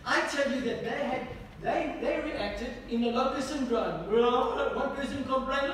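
High-pitched male pastor preaching, keeps asking the congregation stuff, loud then hushed, big echoey hall, mic far off. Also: unhurried, slight background noise. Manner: asks the congregation repeated questions; swings between loud emphatic lines and hushed quiet ones. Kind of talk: sermon.

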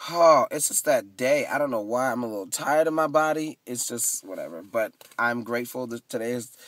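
A man casually vlogging into his phone, retelling his day with lively, dramatic asides. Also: mid-range voice, fairly quick, few pauses, no room sound, recorded from a distance. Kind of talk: casual storytelling vlog. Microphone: phone camera.

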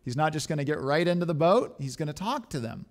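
A man preaching a sermon as a pastor, animated and full of rhetorical questions. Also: on the high side, quick pace.

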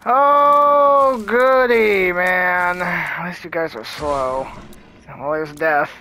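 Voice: mid-range voice, slow, sharp tone. A gameplay commentator talking through a hard run in casual let's-play style, nervous and muttering reactions with frequent swearing.

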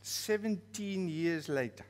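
A man's voice: high voice, takes it slowly, long reverb tail. A man with a South African accent preaching a storytelling sermon in a church, playful and laughing at his own story.

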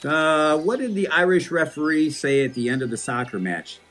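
A man's voice: fairly high pitch, animated, moderate pace, a bit bright, a little hiss or hum. A man hosting a school morning show, reading out announcements in a playful, jokey manner.

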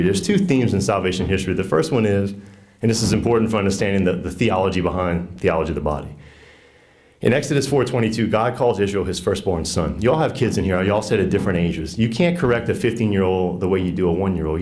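Deep-voiced Southern man teaching. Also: darkish tone. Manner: earnest, folksy, with frequent "right?" asides. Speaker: catechist teaching a workshop on faith and marriage. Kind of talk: conversational teaching talk to a group.

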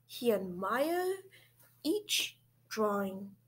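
A woman reads a children's picture book aloud, gentle and expressive. Her voice is slow and breathy, with a lively, rising and falling pitch.

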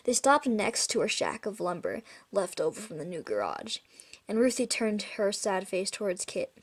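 A woman's voice: medium pitch, very animated, moderate pace, husky. A woman reading a children's chapter book aloud in a casual way, with slips and self-corrections. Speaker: storybook reader.

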